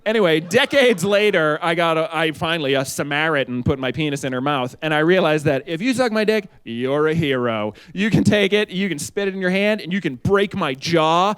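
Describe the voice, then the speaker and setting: A man in his forties works through a live stand-up set with a noticeably high voice. He rambles in loose, chatty runs and jumps into shrill, exaggerated quoted lines. He speaks into a handheld mic on stage. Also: a little fast, hardly any pauses, a bit bright, smooth. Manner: loose, rambling delivery with sudden high-pitched acted quotes. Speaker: stand-up comedian. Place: stage at a live comedy show.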